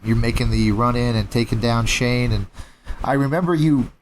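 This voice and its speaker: A man's voice: medium pitch, normal speed, slight background noise, rough recording. A man interviewing a guest, responding with short reactions and memories of the guest's comeback. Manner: responsive, encouraging listener. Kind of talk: casual interview.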